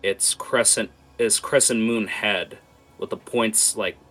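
Unhurried man narrating as game master. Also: fairly low pitch, fairly even intonation, fairly bright tone, faint music behind. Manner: vivid descriptive narration with many "like" fillers.

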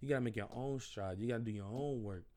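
A man's voice: mid-range voice, fast talker, mellow. A young man hosting a solo podcast, talking casually in an earnest, rambling way, full of slang and repeated phrases. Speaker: podcast host.

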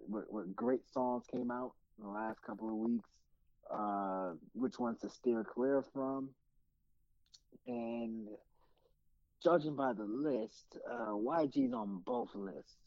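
A playful man co-hosting a music podcast, talking unhurriedly with lots of rise and fall in his voice. His tone is gravelly, and the recording is dull and lo-fi. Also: mid-range voice, huge pitch swings, dry recording. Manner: playful, drawn-out teasing delivery. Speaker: podcast co-host. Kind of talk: casual chat.

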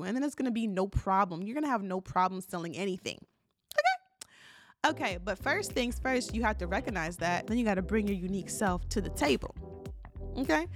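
A woman hosting a solo motivational podcast, talking encouragingly straight to the listener and checking in with "okay?", her voice cracking now and then. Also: mid-range voice. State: voice keeps cracking. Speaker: podcast host.

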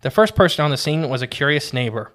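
A man's voice: fairly high pitch, expressive, fast, a bit bright. A man co-hosting a casual podcast, reading quotes from his notes and often restarting his sentences. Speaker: podcast co-host.

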